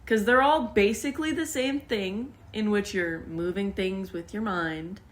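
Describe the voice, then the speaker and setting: A woman's voice: medium pitch, measured pace. A woman hosting a casual podcast chat from home, giggly, self-deprecating and rambling. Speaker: podcast host. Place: home with cats nearby.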